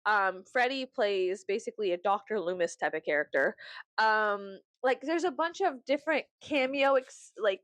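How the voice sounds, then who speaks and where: A woman's voice: medium pitch, expressive, moderate pace, no room sound. A woman vlogger chatting casually, swearing often, breaking into laughter and theatrical outbursts. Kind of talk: casual chat.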